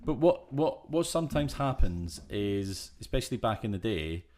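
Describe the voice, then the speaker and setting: A man's voice: on the low side, moderate pace. A man co-hosting a podcast, joking and making wordplay in casual banter. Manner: joking, wordplay, lively back-and-forth. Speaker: podcast co-host. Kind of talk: casual chat reviewing a film.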